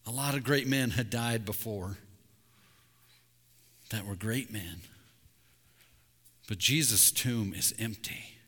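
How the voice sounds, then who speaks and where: A middle-aged man, a pastor, preaching a sermon with candid, intense confessional asides, dropping to a hush on key words. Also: on the low side, takes it slowly, long pauses, husky. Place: church sanctuary. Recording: long hall reverb.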